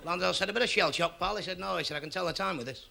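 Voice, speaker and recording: Man, stand-up comic, punchy one-liners, gravelly voice, hissy recording. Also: sits high, rapid-fire. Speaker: stand-up comedian. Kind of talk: stand-up joke telling.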